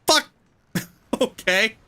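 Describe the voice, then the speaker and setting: A man's voice: extremely slow, pushed and bright. A man casually commenting as he streams a video game, joking and swearing loosely.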